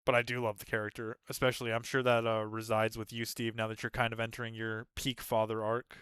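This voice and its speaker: A man in casual podcast chat with a bright, crisp and smooth voice. He keeps the talk moving from topic to topic, often stopping to apologize. The sound is dry and close. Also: medium pitch, completely flat delivery, no room sound. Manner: steers the talk, quick to apologize. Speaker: podcast co-host leading segments.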